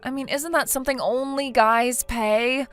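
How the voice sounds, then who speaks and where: Brief: woman voicing whiny, defensive young wife, text-story read, soft music behind. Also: sits high, fairly even intonation, normal speed. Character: self-pitying young wife who cheated.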